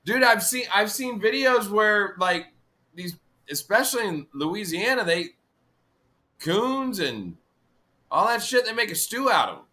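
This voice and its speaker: A man guest on a fishing stream, telling stories in an animated, swearing way. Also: sits high, unhurried. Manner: animated, swearing anecdote teller. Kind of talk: casual storytelling chat.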